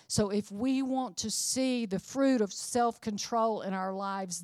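Slow earnest woman preaching. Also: mid-range voice, a little mellow, dry recording, clean studio sound. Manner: earnest, emphatic, building to rises. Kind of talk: sermon.

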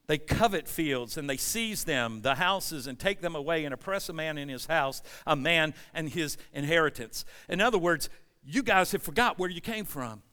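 A man preaching a sermon, reading scripture and explaining it, swinging from loud emphatic stretches to quiet asides. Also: fairly high pitch, moderate pace, in a large hall. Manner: animated preaching, rising loud at emphasis, dropping soft. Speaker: pastor.

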